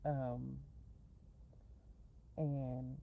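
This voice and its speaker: A woman's voice: extremely low pitch, flat delivery, drawn-out words, vocal fry, mellow, poor audio. A woman talking casually in a rambling, profane storytime vlog, going off on tangents and laughing often. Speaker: vlogger. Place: in a parked car.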